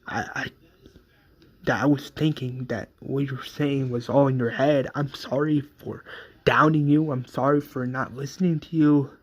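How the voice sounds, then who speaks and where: A man voicing a male detective and father figure who talks haltingly and repeats himself. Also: mid-range voice, husky.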